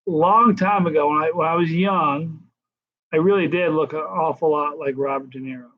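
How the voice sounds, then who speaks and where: A man in his sixties hosting a casual live stream Q&A, telling stories in a chatty, animated way. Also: on the high side, moderate pace. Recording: dull lo-fi live stream audio.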